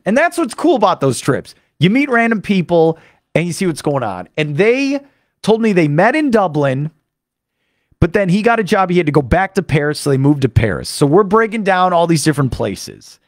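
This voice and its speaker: An American man, a sports radio host, talking fast and eagerly in a studio monologue. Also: fairly high pitch, no room sound. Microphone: studio microphone.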